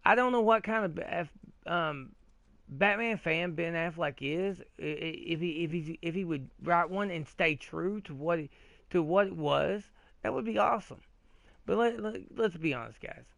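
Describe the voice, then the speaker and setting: A man hosting a gaming video, ranting in a rambling, profane, excitable way with frequent restarts while he plays. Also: on the high side, moderate pace, gravelly, no room sound. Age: adult, old enough to remember 80s cartoons. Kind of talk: casual rant while playing a game.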